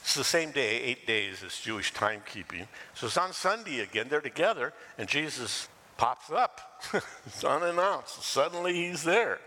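An older man preaches a sermon, acting out the scripture with animated, swooping delivery. His voice is bright and forward. It rings with a long hall reverb over faint room ambience. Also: medium pitch, moderate pace. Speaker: pastor.

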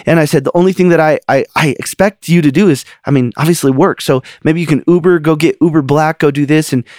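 A middle-aged man hosting a podcast, telling a personal story in an animated way and laughing often. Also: fairly high pitch, dry recording, clean studio sound. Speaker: podcast host.

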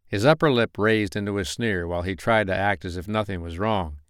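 A man narrating a romance novel as an audiobook in a steady, even reading voice, close to the mic. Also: on the low side, a little fast, clear, resonant tone, no echo. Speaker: audiobook reader.

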